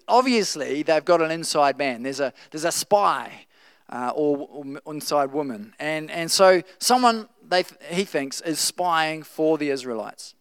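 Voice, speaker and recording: A man preaching a sermon, reading scripture and acting out the quotes with playful, animated asides. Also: a little high, unhurried, clear, resonant tone, no echo.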